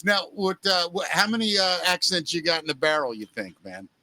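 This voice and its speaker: A man's voice: high-pitched, very animated, a little fast, pushed and bright. A man hosting a podcast, chatting casually in an enthusiastic, blunt way. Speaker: podcast host.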